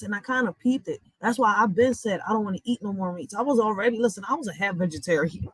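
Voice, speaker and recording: A woman's voice: mid-range voice, no room sound, low-quality recording. A woman giving casual reaction commentary, telling stories in a blunt, profane and emphatic way. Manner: animated, emphatic. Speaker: reaction vlogger.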